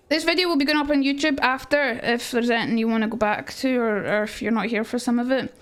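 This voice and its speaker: A young woman with a Scottish accent talks through Shakespeare for her livestream audience in a loose, rambling way. Her voice sits high, and she breaks off often to answer messages from chat. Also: fairly quick, hardly any pauses. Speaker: streamer teaching Shakespeare to chat. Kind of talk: casual livestream lesson.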